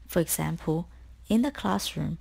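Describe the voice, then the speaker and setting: A woman tutor reading a scripted spelling lesson, explaining each word slowly and clearly. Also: lowish voice, lively intonation, darkish tone. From Australia. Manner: slow, clear, deliberate explanations.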